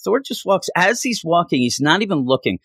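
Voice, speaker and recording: A man's voice: on the high side, sing-song, fairly quick, fairly bright tone, husky, no room sound. A man co-hosting a casual chat, talking with enthusiastic rambling and acting out lines from the story. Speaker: comic book podcast co-host.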